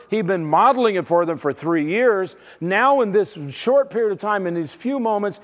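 Lively preacher in an echoing hall. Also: male voice, high voice. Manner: emphatic, dramatic swings from loud to hushed. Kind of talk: sermon. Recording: long hall reverb.

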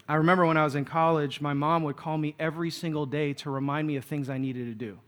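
A man's voice: on the high side, steady tone, quick pace, hardly any pauses, a bit bright. A man of Filipino background preaching a sermon, telling stories with humor and acting out the voices he quotes. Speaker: pastor.

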